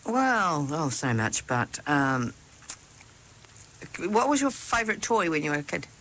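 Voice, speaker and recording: A woman presenting her segment on a radio show, chatty and telling stories in a relaxed way. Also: deep voice, measured pace, a little hiss or hum, rough recording. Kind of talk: casual radio chat.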